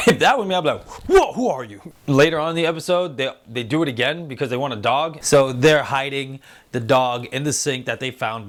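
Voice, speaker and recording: A man in his thirties hosts a casual review show at an ordinary, middle pitch. He talks loosely and swears freely. He slips into goofy voices when he quotes others. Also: a bit bright. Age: 30s. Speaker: host. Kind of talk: casual spoiler review chat.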